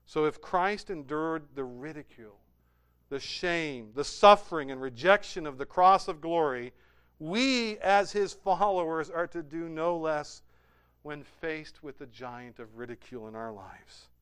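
Smooth-voiced male preacher, emphatic and dynamic. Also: expressive, measured pace. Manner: rising to emphatic peaks, then dropping to soft, low endings. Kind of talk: sermon.

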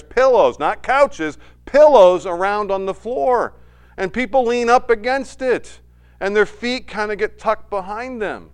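A man preaching a sermon as a pastor, swinging between loud emphasis and quiet asides and retelling scenes with voiced quotes. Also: high-pitched, smooth.

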